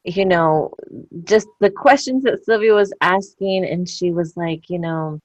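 A woman's voice: fairly low pitch, moderate pace, no echo, low-quality recording. A woman in her thirties chatting candidly, telling personal stories with lots of fillers and acted-out quotes. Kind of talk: casual chat.

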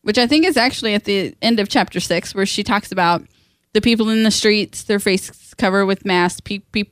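A woman co-hosting a casual book discussion at home, retelling scenes with quick quoted voices and frequent laughs. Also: medium pitch, dry recording, clean studio sound. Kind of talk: casual chat.

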